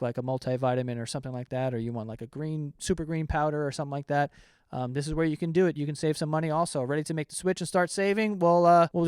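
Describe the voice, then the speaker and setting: A man's voice: on the high side, clean tone, dry recording, clean studio sound. A man in his thirties hosting a casual reaction show, ranting with swearing and acting out angry replies. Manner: animated, ranting, swears, acts out angry voices. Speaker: host reacting to stories.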